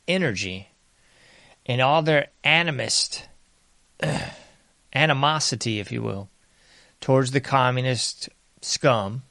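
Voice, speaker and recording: A man hosting his own commentary show, delivering a long sarcastic monologue in a mid-pitched voice. He mocks bystanders with put-on voices and swings between loud lines and near-whispers. The sound is close and dry, with no room echo. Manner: sarcastic, mocking mimicry of bystanders; varies loudness a lot, sometimes dropping to whispers. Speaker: political commentary host.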